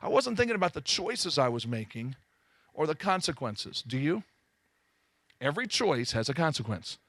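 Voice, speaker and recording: A man from Southern California telling his life story to an audience, animated and full of self-mocking humor. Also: on the high side, normal speed, dry recording. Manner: animated storytelling, acting out quoted voices. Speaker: speaker giving his testimony. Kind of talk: testimony to a live audience.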